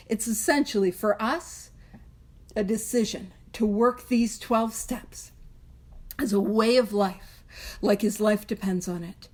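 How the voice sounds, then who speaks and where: A woman's voice: a little high, a little mellow. A young woman leading a casual recovery book study, chatty and self-deprecating, often laughing and slipping into little character voices. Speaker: study group leader.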